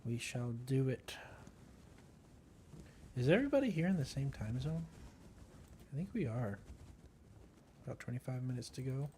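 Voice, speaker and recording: A man's voice: medium pitch, very animated, normal speed, long pauses, darkish tone, a little hiss or hum. A man streaming a game, chatting casually and thinking aloud as he plays. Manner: playful, thinks aloud while playing. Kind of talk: casual gameplay chat.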